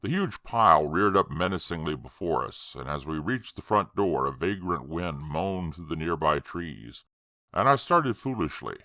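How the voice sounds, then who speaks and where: A man reading a horror story aloud in a slow, measured way. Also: deep voice, big pitch swings, pushed and bright, no room sound, clean studio sound. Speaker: audiobook narrator. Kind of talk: scripted horror narration.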